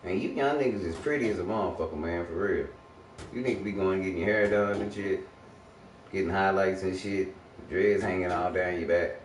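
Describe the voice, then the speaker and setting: Man, very deep voice, blunt profane preachy rant, off-mic, roomy echo. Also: brisk, slight background noise. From Texas. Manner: blunt, preachy, swears a lot. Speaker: livestream streamer. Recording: echoey room, voice distant from the mic.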